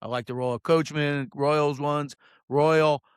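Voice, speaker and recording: A man who works as a fishing guide tells a story in a casual, rambling monologue. He swears freely and fills his pauses with "um". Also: fairly high pitch, fairly even intonation, smooth, no echo, studio quality. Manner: rambling, profane, many "um"s.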